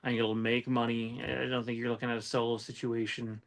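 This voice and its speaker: A man's voice: mid-range voice, flat delivery, brisk, creaky. A man hosting a podcast in casual chat, blunt and swearing as he lays out his arguments point by point. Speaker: podcast host.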